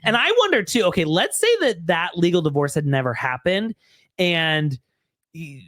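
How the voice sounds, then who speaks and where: A woman's voice: fairly low pitch, big pitch swings, moderate pace, a bit bright, no echo. A woman chatting through a reality-show recap with sarcastic gossip and plenty of swearing. She mimics the people she's mocking. The sound is close and dry. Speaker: podcast co-host. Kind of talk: casual recap chat.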